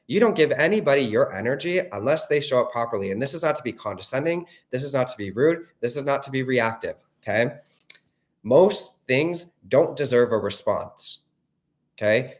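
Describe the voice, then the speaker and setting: A man giving a direct-to-camera motivational talk as a relationship coach, blunt, profane and emphatic, often checking in with "okay?". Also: medium pitch.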